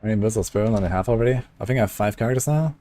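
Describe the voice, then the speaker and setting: A man's voice: lowish voice, racing, warm tone. A man casually chatting and thinking aloud while he streams a game. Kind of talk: casual gameplay commentary.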